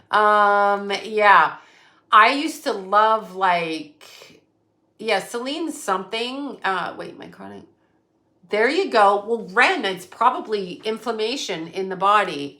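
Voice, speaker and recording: A woman with a bright, forceful voice hosts a casual livestream and talks directly to her chat. She rambles from one story to the next and swears freely, at an average pitch. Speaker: psychic medium livestream host.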